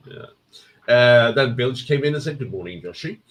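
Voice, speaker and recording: A man's voice: mid-range voice, normal speed. A man hosting a casual livestream, chatting and reading out viewer messages with frequent laughs. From United Kingdom. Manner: laughs often, lively banter. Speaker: livestream host.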